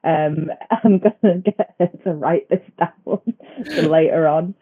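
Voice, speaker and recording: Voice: medium pitch, unhurried, breathy edge. A player chatting casually at a tabletop game, with amused asides. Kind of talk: casual chat. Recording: tinny phone-like line.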